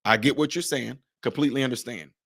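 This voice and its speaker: Emphatic preachy man, fairly high voice. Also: expressive, fairly quick, a bit bright, dry recording, studio quality. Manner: preachy, emphatic, rhetorical questions. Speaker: livestream host and commentator. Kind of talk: impassioned live-stream commentary.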